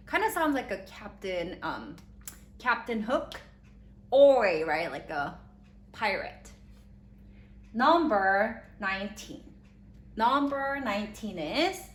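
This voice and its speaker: A woman teaching a third-grade spelling lesson, slowly sounding out letters and giving encouraging praise. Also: fairly high pitch, a bit bright. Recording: echoey room with faint ambience.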